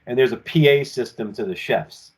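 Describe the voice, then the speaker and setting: Animated, rambling male wrestler guest. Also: mid-range voice, moderate pace, slightly rough. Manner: rambling and animated, acting out quotes. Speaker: professional wrestler, podcast guest. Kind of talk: casual storytelling in an interview. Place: home apartment with collectibles shelves.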